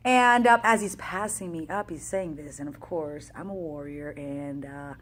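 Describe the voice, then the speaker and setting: A woman fitness coach telling a race story in a casual, energetic, chatty way, acting out the back-and-forth. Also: low-pitched, measured pace.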